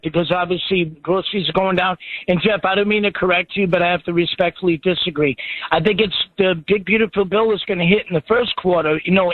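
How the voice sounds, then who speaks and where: A man's voice: sits high, no room sound. A man calling in to a radio show, opinionated and sarcastic, heard over a phone line. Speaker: caller. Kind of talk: call-in conversation.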